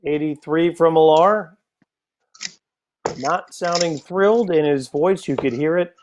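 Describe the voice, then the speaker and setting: A man's voice: fairly high pitch, unhurried, noisy background. A man from the United States doing live darts commentary, chatty and joking in asides to viewers.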